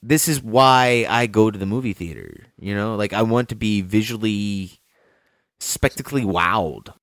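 Enthusiastic halting man on a film podcast. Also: on the low side, a bit bright, no room sound, studio quality. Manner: enthusiastic, halting, full of "like" and "dude". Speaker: podcast co-host. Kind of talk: casual film chat.

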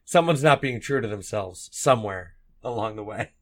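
A man's voice: on the low side, animated, normal speed. A young man co-hosting a casual podcast chat, making dry, wry asides. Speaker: podcast co-host.

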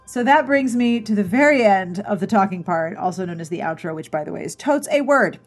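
Chatty, husky-voiced woman podcast host. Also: mid-range voice, animated, a little fast. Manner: chatty and giggly, easily amused. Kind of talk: podcast outro. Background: faint music.

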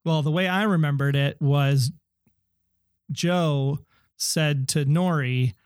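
A man's voice: on the high side, takes it slowly, smooth, dry recording, studio quality. A man co-hosting a podcast, eager and theorizing, reading listener messages in casual chat. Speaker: podcast co-host.

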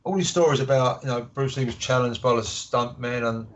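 Animated man telling stories. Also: medium pitch, a little fast, slight background noise. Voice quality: animated storyteller, acts out quoted voices. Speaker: author guest. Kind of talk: casual interview storytelling. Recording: dull lo-fi audio.

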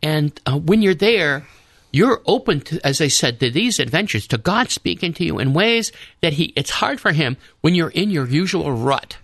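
A man, a priest, is a guest on a radio talk show, telling rambling travel stories and restarting his sentences. His voice is gravelly and bright with a forceful edge. The studio sound is close and dry. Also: fairly high pitch, big pitch swings, moderate pace, no echo. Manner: rambling storyteller, restarts often. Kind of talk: casual radio discussion.

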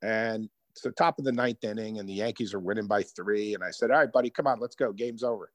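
A man's voice: on the low side, fast talker, dry recording. Guy telling stories in an interview, dry close sound, really gets into it. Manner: animated storyteller, acts out quoted voices. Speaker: author and guest. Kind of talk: conversational storytelling interview. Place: Hoboken.

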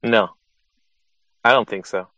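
A man with a Southern California Chicano accent talks in a low voice on a podcast. His casual chat halts on fillers and restarts. The sound is dry and close. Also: no echo. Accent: Southern California Chicano English. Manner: relaxed, halting, lots of fillers and restarts. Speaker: podcast host.

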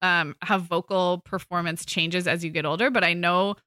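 Bright-voiced chatty woman podcast host. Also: lowish voice, fairly even intonation, normal speed, dry recording, studio quality. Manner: chatty, with fillers and restarts. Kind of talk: casual chat.

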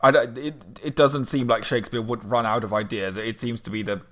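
A man's voice: mid-range voice, fairly quick. Hesitant man in casual discussion. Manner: hesitant, stammering starts, then steady reasoning. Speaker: podcast co-host discussing poetry.

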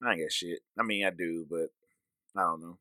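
A man's voice: deep voice, steady tone, a little fast, bright, forceful tone, no echo. A man co-hosting a podcast, talking in a laid-back, reflective way and swearing casually. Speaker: podcast co-host. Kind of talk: casual chat.

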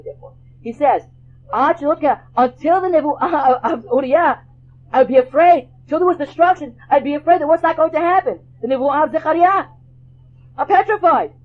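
Woman teacher, high voice, classroom lecture, rhetorical questions, muffled lo-fi class tape. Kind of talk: classroom lecture on Jewish texts. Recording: dull lo-fi 2001 class recording.

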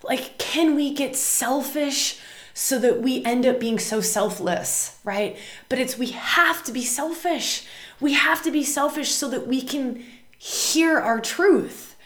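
A woman's voice: sits high, slow pace, a bit bright. Emphatic woman host in an echoey room. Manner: emphatic, repeats words and tags "right?". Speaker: podcast host. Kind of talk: spiritual astrology talk.

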